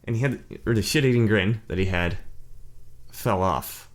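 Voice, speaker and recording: In a casual, animated monologue on his own channel, a man with a lowish voice tells a personal story at a moderate pace. He is blunt, curses, and keeps starting his sentences over.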